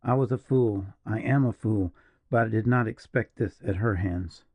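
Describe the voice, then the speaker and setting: A man voicing a grave, brooding partisan officer in an audiobook, speaking slowly and in a measured, mournful way. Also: lowish voice, darkish tone, husky, dry recording. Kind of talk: audiobook character reading.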